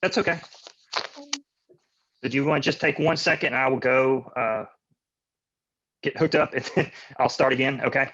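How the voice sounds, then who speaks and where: A man starts presenting an online class at a middle pitch, with loose and rambling phrasing. His video-call connection makes the sound choppy, robotic and muffled. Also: moderate pace, long pauses, a bit bright. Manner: loose and rambling, often ending with "right?". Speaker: guest presenter, engineer. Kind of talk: lecture opening.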